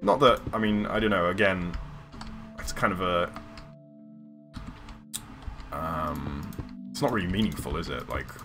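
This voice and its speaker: A man with a deep voice talks casually over a live game stream. He meanders and hesitates, circling back with ums and restarts. Clear music plays underneath. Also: a little slow, long pauses. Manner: rambling, hesitant, many fillers and restarts. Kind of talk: casual live-stream chat while gaming. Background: background music.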